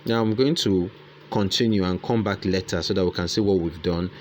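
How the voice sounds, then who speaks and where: A man's voice: sits low, a little fast, slight background noise. A man hosting a casual screen-recorded tutorial, thinking aloud and repeating his phrases as he dictates lines and punctuation. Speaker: tutorial host.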